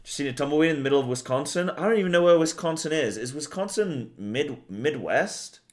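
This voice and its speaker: A man's voice: fairly high pitch, expressive, a little fast. A tired young man streaming a game, rambling and swearing casually as he chats with viewers.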